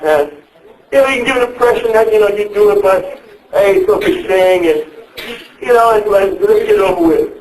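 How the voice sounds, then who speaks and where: High-voiced man lecturing youth, echoey hall. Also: expressive, moderate pace, long pauses. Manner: questions the audience and repeats phrases. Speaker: speaker advising young people. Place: mosque hall. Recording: echoey hall, mic at a distance.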